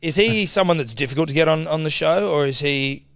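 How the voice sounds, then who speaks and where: A man's voice: on the high side, fairly quick, creaky, a bit bright, smooth, no room sound. A man hosting a casual podcast, loose and hesitant as he hunts for words and swears in passing. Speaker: podcast host.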